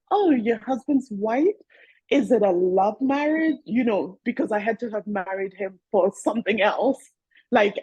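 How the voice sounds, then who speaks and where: A woman's voice: on the high side, darkish tone, husky, no room sound, lo-fi sound. A woman from Kenya with a mixed Kenyan and Irish accent hosts a candid conversation, telling stories and laughing often between points. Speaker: host.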